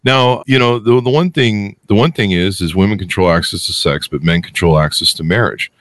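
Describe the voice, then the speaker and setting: A middle-aged man hosting a podcast interview, talking in a blunt, opinionated and animated way. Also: on the low side, brisk. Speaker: podcast host. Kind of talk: casual interview chat.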